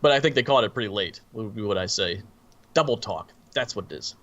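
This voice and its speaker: A man's voice: fairly low pitch, lively intonation, fairly quick, fairly bright tone, highs cut off. A man co-hosting a live-streamed movie review podcast in casual chat, easygoing and a bit distracted as he looks things up while talking. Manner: easygoing and distracted, searching online mid-talk. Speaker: podcast co-host.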